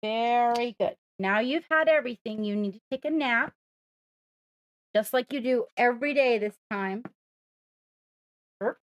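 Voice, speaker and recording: A woman's voice: a little high, a little slow, long pauses, dry recording, lo-fi sound. A woman hosting a live stream, coaxing and praising her pet in playful sing-song talk. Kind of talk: live-streamed casual chat.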